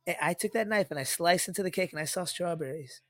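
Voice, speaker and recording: Male podcast co-host, 30s, slightly high voice, rambling animated storyteller, dry close-mic sound. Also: fast talker, no echo. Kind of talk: casual podcast chat.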